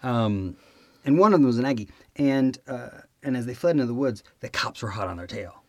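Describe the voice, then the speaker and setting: Male podcast host, giggly storyteller, dry close mic, mid pitch. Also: expressive, fairly quick, darkish tone, no room sound. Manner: giggling, joke-telling. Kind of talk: casual chat and test prep.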